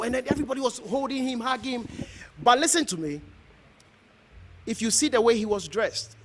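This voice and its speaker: A middle-aged pastor from Ghana speaks to a gathered crowd in an earnest, exhorting way. His voice sits high for a man, and he circles back over his points as he presses them home. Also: vocal fry, fairly bright tone. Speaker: pastor hosting an honoring event. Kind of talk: heartfelt speech to a gathering.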